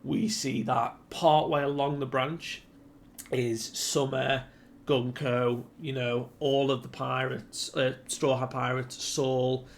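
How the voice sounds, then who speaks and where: A man casually recapping a comic chapter in a relaxed, rambling way with lots of fillers. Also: medium pitch, takes it slowly, a little hiss or hum. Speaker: manga commentator.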